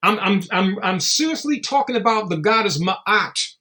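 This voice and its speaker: A man with a high voice that swings widely up and down, talking as a guest in a relaxed interview. He is blunt and emphatic and swears freely. He tells stories and acts out what others said. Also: moderate pace. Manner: storytelling with acted-out quotes. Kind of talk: casual podcast interview.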